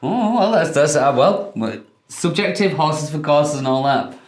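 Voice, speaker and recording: A man's voice: fairly high pitch, lively intonation, measured pace, reverberant. A man with a Yorkshire accent, co-hosting a wine tasting show in casual, hesitant chat that breaks into laughs. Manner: chatty, hesitant, laughs easily.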